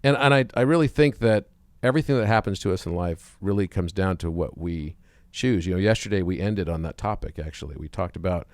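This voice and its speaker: A man's voice: low voice, fairly quick, no echo. A man speaking as a podcast guest in casual conversation, reflective and fond of telling stories. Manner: reflective, storytelling.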